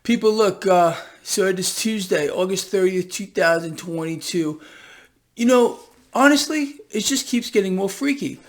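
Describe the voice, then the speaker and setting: Male vlog host, high-pitched, tired, exasperated and mocking, casual market rant. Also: normal speed. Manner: animated, exasperated, swears, mocks. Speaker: host of a market commentary channel.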